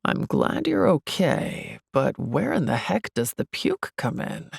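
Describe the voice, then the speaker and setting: Gentle young man with a gruff low voice, as a female narrator puts him on, kind and caring. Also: huge pitch swings, slow, dry recording, clean studio sound, full character voice. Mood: warm. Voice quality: low and gravelly.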